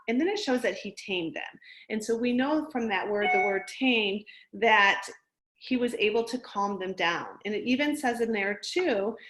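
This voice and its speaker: A middle-aged woman teacher gently explaining a reading lesson to young children in a recorded remote class. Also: medium pitch. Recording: echoey room.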